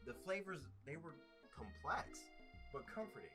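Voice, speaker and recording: A man playing a dating game, reading the text aloud in a playful, exaggerated way with sudden loud bursts. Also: a little high, very animated, moderate pace, over music. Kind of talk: let's play commentary.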